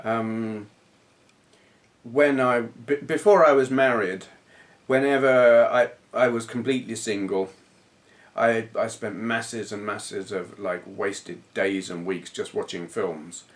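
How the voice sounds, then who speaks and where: A man's voice: on the low side, fairly even intonation, slow. A man in his thirties with a southern English accent, chatting to camera in a rambling, self-correcting way about his hobbies. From southern England. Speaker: retro gaming vlogger. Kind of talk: casual talk to camera.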